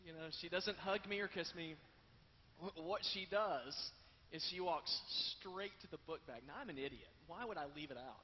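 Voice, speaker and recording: A man preaching a sermon, telling stories with sudden swings from loud to hushed. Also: on the high side, moderate pace. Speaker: pastor. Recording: long hall reverb, dull lo-fi sound, faint ambience.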